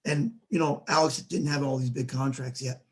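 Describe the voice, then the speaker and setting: A man hosting a casual sports talk show, telling stories in an animated way and acting out quoted dialogue. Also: medium pitch, normal speed. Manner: animated storyteller who acts out quoted dialogue.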